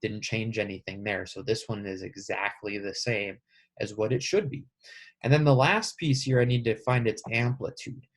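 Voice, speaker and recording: A man's voice: fairly low pitch, moderate pace. A man teaching a math lesson, casually talking through each step aloud. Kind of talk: screen-recorded math lesson.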